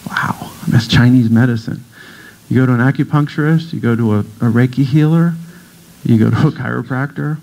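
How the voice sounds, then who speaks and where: A guest speaker who teaches breathwork gives a relaxed, humorous talk in a congregation hall, playfully performing other people's voices in his stories. This middle-aged man has a mid-range, creaky voice with a darkish tone, and the recording is rough.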